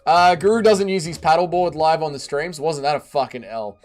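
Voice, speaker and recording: A man's voice: fairly high pitch, moderate pace. A man hosting a livestream, reading viewer comments aloud with joking, profane banter. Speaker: livestream host.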